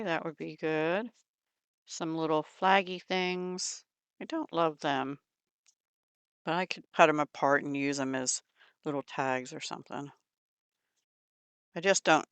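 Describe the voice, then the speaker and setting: Low-voiced woman gushing over craft paper. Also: a bit bright, clean tone, dry recording. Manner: gushing, murmuring asides to herself. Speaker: crafting channel host. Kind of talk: casual show-and-tell of craft supplies. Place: home craft room.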